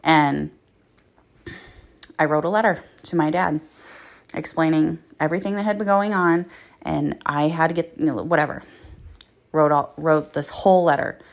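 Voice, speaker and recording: A woman with a low voice and a gravelly, fry-edged texture tells her own story on a podcast. She talks bluntly and rawly, swears freely and leans on fillers as she goes. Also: steady tone, normal speed, pauses often. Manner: raw and blunt, heavy swearing, many fillers. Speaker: podcast host telling her life story. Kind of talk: candid personal storytelling.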